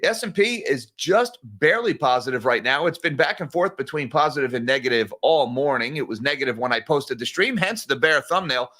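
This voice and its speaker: Running a morning market livestream, the host speaks to his viewers conversationally and directly, calling them "guys." His mid-range voice is expressive and a bit bright, a little fast with few pauses.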